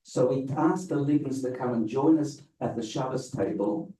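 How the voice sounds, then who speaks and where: A man, a rabbi, giving a public lecture with slow, deliberate, emphatic phrasing. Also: mid-range voice, warm tone, distant mic, a little hiss or hum. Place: event hall with a live audience. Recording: roomy, slightly muffled hall sound.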